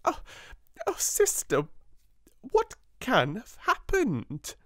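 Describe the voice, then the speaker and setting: A man with a British accent reading a soft-spoken audiobook, voicing a timid, flustered middle-aged spinster who stammers and cries. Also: sits high, wildly swooping pitch, drawn-out words, no echo, studio quality, pitched above the performer's own voice, heavily acted. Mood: tearful. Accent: British English. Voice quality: stammering, tearful.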